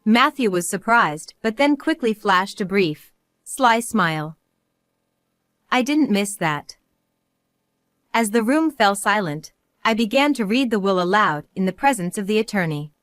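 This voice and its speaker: A middle-aged woman reading a first-person story in a calm, measured, resolute way. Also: medium pitch, no echo, clean studio sound. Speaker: narrator.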